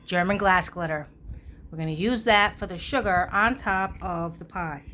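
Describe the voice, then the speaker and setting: A woman chatting casually while she works on a craft project, self-mocking and animated in her asides. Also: fairly low pitch, normal speed, a little hiss or hum. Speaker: crafter hosting a craft video.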